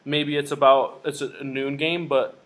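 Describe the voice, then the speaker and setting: An excitable young man chats about college football as a podcast co-host. His voice sits a little high. He talks fast and gets worked up. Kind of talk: casual sports chat.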